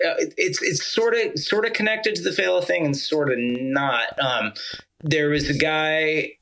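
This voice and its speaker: A musician from Georgia, appearing as a guest, tells a rambling, lively story peppered with "like" and offhand swearing. His voice sits a bit high and he takes his time, though the audio quality is poor.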